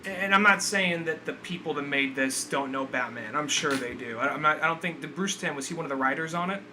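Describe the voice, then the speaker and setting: A man's voice: a little high, fairly quick, bright, forceful tone, a little hiss or hum. A man co-hosting a podcast, chatting casually about a film in a loose, rambling way with lots of fillers and swearing. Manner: loose, rambling, full of "like" and profanity. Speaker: podcast co-host. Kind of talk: casual movie review chat.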